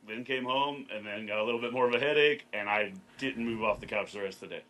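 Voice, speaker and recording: A man's voice: fairly low pitch, quick pace, sharp tone. A man co-hosting a podcast in casual chat, laid-back and profane, acting out what people said. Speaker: podcast co-host.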